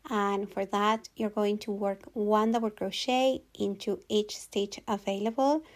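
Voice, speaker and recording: A woman narrates a crochet tutorial in a calm, patient voice-over. She talks slowly and evenly, at a middle pitch. She often goes back over a step so it can be followed. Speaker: crochet instructor.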